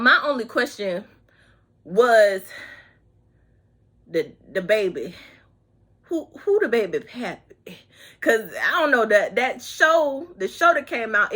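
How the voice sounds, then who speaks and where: A woman giving a casual, chatty movie review to her viewers, sassy and expressive, stretching words and calling people honey and child. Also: mid-range voice. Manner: sassy and expressive, drawn-out words, breaks into snatches of song; talks straight to viewers with terms like honey and child. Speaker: YouTube vlogger reviewing a movie.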